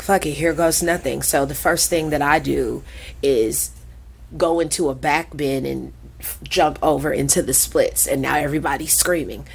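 Woman, 40s, podcast guest; husky and low, a lively, profane storyteller who acts out every quote. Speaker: podcast guest, krump dancer. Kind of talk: animated storytelling in conversation.

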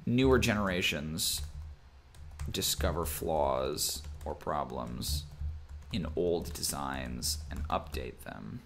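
This young man from Minnesota hosts a casual game-design stream as game master, reading viewer comments and thinking aloud with lots of fillers and restarts. His voice is extremely low, creaky and animated, and he speaks slowly. There's slight background noise.

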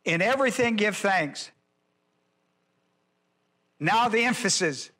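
A man's voice: sits high, lively intonation, unhurried, sharp tone. A male pastor preaching an expository sermon, emphatic and repeating his key words.

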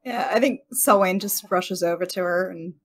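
A woman's voice: lowish voice, moderate pace. A woman playing a tabletop game, describing her character's actions in a bubbly way. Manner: bubbly, laughs often. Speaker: player. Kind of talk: casual tabletop play.

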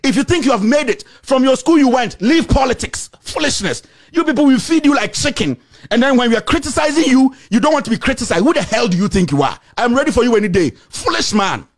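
A man with a Ghanaian accent delivering an angry, insulting rant to the camera, repeating himself and shouting. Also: very high-pitched, lively intonation, fast. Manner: shouting, insulting, repetitive tirade. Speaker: political commentator.

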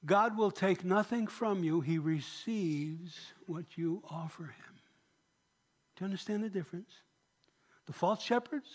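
A man's voice: sits high, lively intonation, a little slow, breathy edge. A man, a pastor, preaching a sermon in a church, emphatic and often asking the congregation questions.

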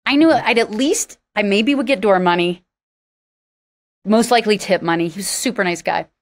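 Woman guest in an interview, candid and sarcastic storyteller, voices the people she quotes. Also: moderate pace. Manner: animated, acts out quoted dialogue with big pitch jumps. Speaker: interview guest, singer-songwriter.

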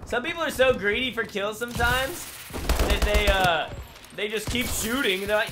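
A man's voice: high-pitched, normal speed, noisy background. A tired man giving joking, trash-talking live commentary over his own gameplay, yelping at big plays. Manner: excitable, yelps and laughs at big plays. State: tired from travel. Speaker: gaming commentator. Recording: music playing behind.

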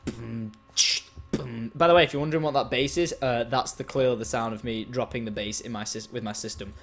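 A man's voice: mid-range voice, fairly even intonation, fast. A man giving casual commentary while playing a game, joking around and slipping into mock gangster talk. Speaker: gaming YouTuber.

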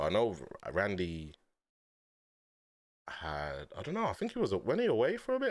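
A man's voice: on the low side, wildly swooping pitch, normal speed, dry recording. A man chatting casually on a livestream, rambling, unsure of himself and often repeating or trailing off. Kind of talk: casual stream chat.

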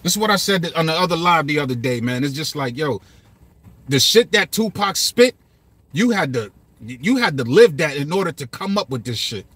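A man's voice: fairly high pitch, sing-song, normal speed, a bit bright, husky, no echo. A man in casual commentary, breaking down song lyrics in a loose, repetitive way with some swearing. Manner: loose and repetitive, swearing, quoting lines aloud.

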